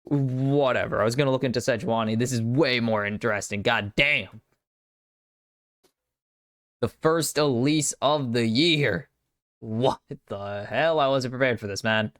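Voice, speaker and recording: A man's voice: mid-range voice, normal speed, fairly bright tone, dry recording. American guy solo casting a pro game draft, mid voice, dry close mic, rambles and mutters to himself. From United States. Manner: chatty, self-deprecating, muttering asides. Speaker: esports caster. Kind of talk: solo live esports draft commentary.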